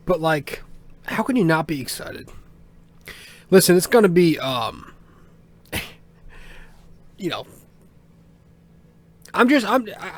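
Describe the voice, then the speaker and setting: Rambling young man hosting a sports podcast. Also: a little high. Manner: rambling, profane, with frequent fillers and chuckles. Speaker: podcast host. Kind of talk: casual solo sports podcast.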